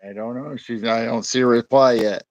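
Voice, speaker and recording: A man's voice: medium pitch, fairly even intonation, moderate pace, a crowd in the background. A man co-hosting a casual livestream, laid-back and dry, reading out viewer comments. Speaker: co-host reading chat.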